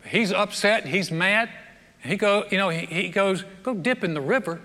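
High, bright, animated preacher man. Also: normal speed. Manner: animated storytelling, humorous asides. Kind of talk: sermon. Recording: long reverb of a big hall.

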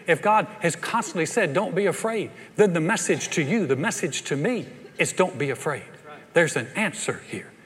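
A man's voice: a little high, fairly bright tone. Older guy preaching, emphatic and a bit jokey, big echoey church sound. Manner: emphatic preaching with playful asides. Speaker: pastor. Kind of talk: sermon. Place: large church hall.

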